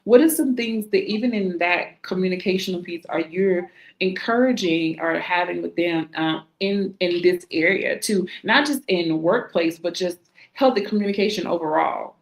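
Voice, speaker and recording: A woman hosting a roundtable, speaking in a measured way and asking reflective questions. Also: fairly low pitch, roomy sound. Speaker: host. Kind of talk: roundtable conversation.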